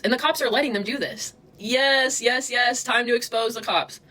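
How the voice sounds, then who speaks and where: A woman's voice: a little high, normal speed, hardly any pauses, pushed and bright, low-quality recording. A woman streaming live from her phone, ranting angrily and swearing as she confronts people in her chat. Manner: angry, profane, confrontational. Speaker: livestreamer. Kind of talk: livestream rant.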